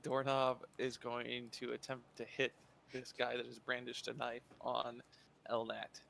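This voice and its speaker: Gravelly-voiced man playing a game. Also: mid-range voice, completely flat delivery, unhurried, fairly bright tone, slight background noise. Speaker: player. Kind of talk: casual tabletop play.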